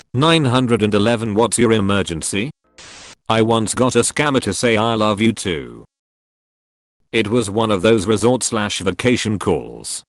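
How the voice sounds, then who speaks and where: A man giving a scripted narration of online posts, read in a brisk, matter-of-fact way. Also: fairly low pitch, no room sound, studio quality. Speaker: story narrator.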